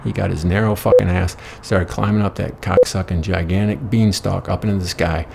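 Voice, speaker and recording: A man's voice: low-pitched, fairly even intonation, moderate pace, vocal fry, heavy background noise. A man narrating a crude, profane comic fairy tale with a rambling delivery. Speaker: storyteller.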